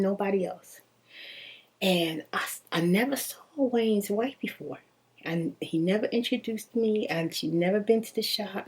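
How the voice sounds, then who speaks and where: Husky lady telling her story real slow, laughs a lot, kinda slangy. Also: medium pitch. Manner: animated, laughs often, slangy. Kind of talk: casual personal storytelling.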